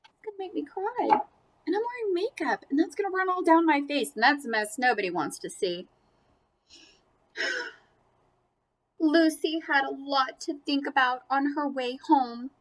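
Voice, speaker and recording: A woman reads a picture book aloud to kids, playful and animated, chatting about the pictures between pages. Her voice sits high and bounces up and down. She takes her time over every line. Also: unhurried, pauses often. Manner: animated, playful, talks to children. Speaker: storybook reader.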